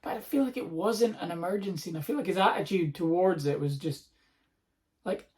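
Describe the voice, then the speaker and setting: A Scottish man hosting a podcast, telling a comic story in a sweary, animated, rambling way. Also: high voice, fairly quick. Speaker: podcast host. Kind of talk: comedic storytelling monologue.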